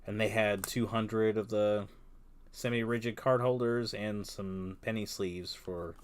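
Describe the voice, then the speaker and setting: A man chatting casually on a livestream while he sorts cards, rambling with many pauses and restarts. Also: fairly low pitch, fairly even intonation, clean tone. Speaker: card-business streamer.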